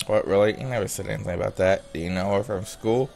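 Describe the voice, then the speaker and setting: Reading a visual novel's dialogue aloud without putting on character voices, a man now and then breaks off for casual asides. His voice sits on the low side, gravelly and a little mellow. He talks at a quick pace.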